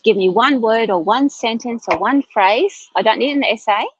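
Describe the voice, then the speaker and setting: A woman's voice: fairly high pitch, normal speed, husky. Tired, chatty woman reading tarot. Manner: chatty, rambling, self-correcting. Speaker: tarot reader. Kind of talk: live-streamed tarot reading. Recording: dull, dry lo-fi stream audio.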